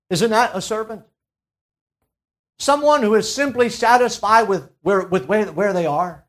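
A man preaching a sermon, reading scripture slowly and deliberately and rising to an emphatic, raised delivery. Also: high voice, fairly bright tone.

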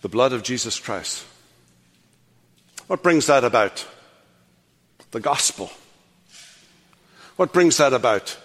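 An older man preaching a sermon as pastor, swinging from loud, animated passages to hushed, quiet endings. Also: mid-range voice, slow, pauses often, long reverb tail. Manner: animated preaching, rising loud then dropping to hush. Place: church sanctuary.

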